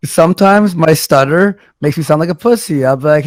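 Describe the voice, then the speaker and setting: Abwehrender Mann, trockener Klang. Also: male voice, fairly high pitch, a little fast, dry recording. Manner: defensive, self-deprecating. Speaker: guest, former stand-up comedian. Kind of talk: casual chat on a livestream.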